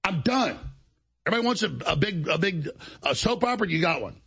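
Gravel-voiced man on an indignant rant. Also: fairly high pitch, expressive, racing, a bit bright. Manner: indignant, acts out others' lines mid-story. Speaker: show host. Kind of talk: heated talk-show monologue.

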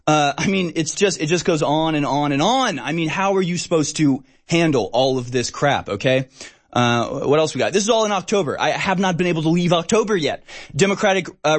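An exasperated male talk show host rants through the day's news, his voice sitting a little high for a man. He talks with sarcasm, frequent fillers and short laughs. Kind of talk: ranting news commentary.

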